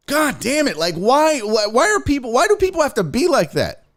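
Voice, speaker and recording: A man's voice: very high voice, sing-song, moderate pace. Profane, exasperated man ranting live. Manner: mocking sing-song impressions in quotes. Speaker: sports show host. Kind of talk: live-streamed sports rant.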